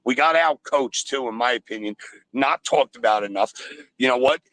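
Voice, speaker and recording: A man's voice: mid-range voice, normal speed, no echo, low-quality recording. Furious ranting man calling in. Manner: angry, loud, swearing rant. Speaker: caller. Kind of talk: call-in sports radio rant. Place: in a store.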